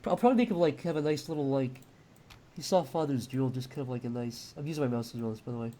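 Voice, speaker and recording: A man's voice: mid-range voice, quick pace, warm tone. A man chatting loosely and crudely on a live stream as he sketches and reads out donations. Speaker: streamer and animator. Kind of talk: casual live-stream chat while drawing.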